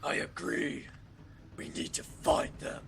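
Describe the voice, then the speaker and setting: A man voicing a blunt, vengeful male ogre pig farmer in short, low-key in-character lines. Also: slow, natural voice.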